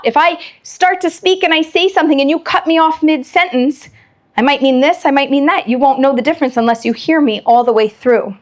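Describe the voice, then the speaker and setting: A woman giving a lively Torah lecture, acting out bits of quoted dialogue as she explains. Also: high-pitched, brisk. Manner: animated, acts out quoted dialogue.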